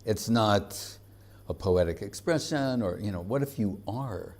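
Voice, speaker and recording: A man who is a spiritual teacher, giving a conversational devotional lecture in an informal, halting way, with frequent fillers and chuckles. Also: on the low side, expressive, a little mellow.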